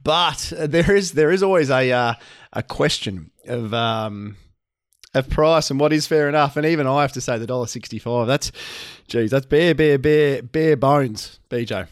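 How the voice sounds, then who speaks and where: A man's voice: medium pitch, normal speed. An Australian man co-hosting a racing podcast in casual chat, blunt and cheeky, swearing freely. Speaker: podcast co-host.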